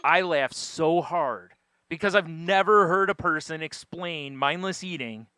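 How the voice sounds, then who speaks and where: A man with a fairly high, bright and forceful voice recounts an everyday story with animated energy and frequent laughter. His podcast delivery is casual and chatty, and the recording is close and dry with almost no room sound. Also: unhurried, smooth, no echo. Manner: animated, laughing often while telling a story. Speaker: podcast co-host.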